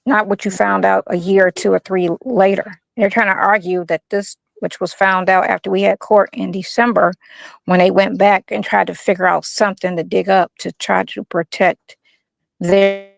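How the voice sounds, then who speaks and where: Woman caller, gravelly and hesitant, dry choppy phone audio. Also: mid-range voice, dry recording. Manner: hesitant, many fillers and restarts. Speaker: guest on a live stream call. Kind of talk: casual phone-in chat. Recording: dry phone line cutting in and out.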